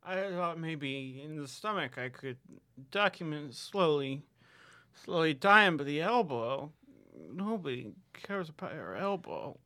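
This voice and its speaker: A man playing an eager young would-be photographer in a comedy sketch, shouting in a strained high voice and then whining. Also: expressive, a little slow, no room sound. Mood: whiny.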